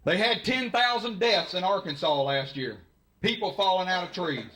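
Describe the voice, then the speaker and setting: This Alabama man does drawling, folksy stand-up at a college venue, teasing the live crowd in his Southern accent. High-pitched and animated, he keeps a moderate pace, and the live stage mic catches crowd noise.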